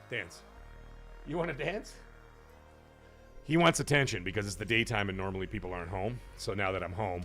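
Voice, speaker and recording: A man hosts a casual live stream from his home, rambling freely and reacting to viewer comments. His pitch rises and falls in a lively way as he talks. Faint music plays softly behind him. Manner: rambling, chatty, reads out chat comments. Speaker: livestream podcast host.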